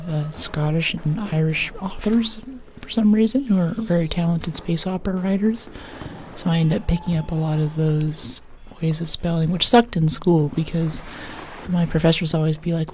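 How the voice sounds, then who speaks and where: A woman chatting softly during a live gaming stream in an ASMR style, often dropping into a whisper and toying with words. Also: sits low, a little hiss or hum. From United States. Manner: soft, often slipping into a whisper, playful. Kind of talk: soft-spoken ASMR gaming stream chat.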